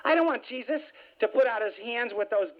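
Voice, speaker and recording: A man giving a humorous spiritual talk, telling stories lively with self-mocking asides. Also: very high-pitched, brisk. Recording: tinny phone-like radio sound.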